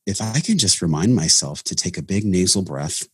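A man's voice: low voice, animated, normal speed, a bit bright, husky, dry recording, studio quality. A man talking earnestly about his path into breath work in a casual podcast conversation, with many restarts. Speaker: breathwork facilitator, podcast guest.

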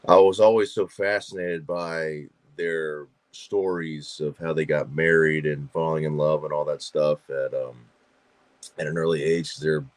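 A man's voice: very deep voice, steady tone, unhurried, no echo. A man from Georgia, a guest on a podcast, telling stories in casual chat with lots of fillers and repeated words. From Georgia, USA. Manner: chatty storyteller, frequent fillers and repeats. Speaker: podcast guest, actor and filmmaker.

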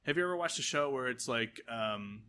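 A man's voice: medium pitch, animated, a little fast, sharp tone, a little hiss or hum. A man co-hosting a casual podcast chat, rambling with lots of fillers and laughing often. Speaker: podcast co-host.

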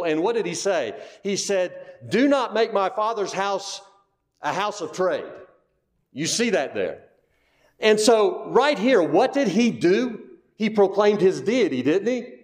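A man's voice: sits high, a little mellow. A man preaching a sermon to his congregation, emphatic, asking rhetorical questions and repeating key phrases. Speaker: pastor.

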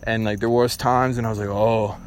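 A man's voice: fairly low pitch, little pitch movement, a little fast, slight background noise. A young man hosting a casual solo podcast, talking bluntly and ramblingly with lots of swearing. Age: young adult. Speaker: podcast host.

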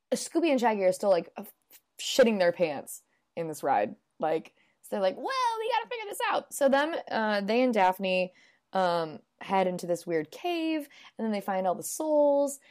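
A woman's voice: mid-range voice, a little mellow. A woman casually recapping a movie in a rambling way, with lots of "like" fillers. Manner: rambling, peppered with "like".

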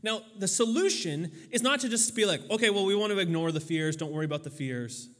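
A man with a high voice preaches a sermon in a relaxed, chatty way, restarting phrases and tossing in fillers. His voice rings out with a long hall reverb. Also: fairly quick. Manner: conversational, loose with fillers and restarts. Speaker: pastor.

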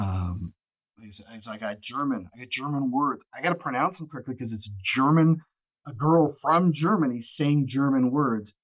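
A man's voice: mid-range voice, low-quality recording. A man who narrates audiobooks, talking as a guest in a casual, rambling way full of fillers. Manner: rambling, filler-heavy, restarts often. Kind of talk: casual podcast chat.

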